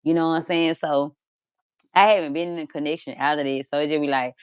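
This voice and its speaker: Podcast host, woman, rapid and lower-pitched, loose and swearing. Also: clear, resonant tone, dry recording, clean studio sound. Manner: animated, swearing, colloquial slang. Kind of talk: casual chat.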